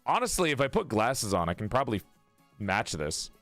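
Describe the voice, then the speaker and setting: A man's voice: medium pitch, big pitch swings, moderate pace, fairly bright tone, no room sound, soft background music. A man chatting casually on a live stream while playing a tabletop game, laughing often and talking to his viewers.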